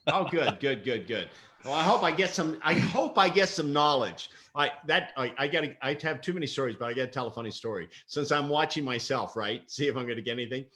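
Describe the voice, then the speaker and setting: A bright, forward-voiced middle-aged man chatting on a live interview. He tells stories with lots of energy, acts out other people's lines and laughs easily. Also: medium pitch, fairly quick. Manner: animated storyteller, laughs often, acts out quotes. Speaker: guest, mental performance coach. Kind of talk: casual livestream interview.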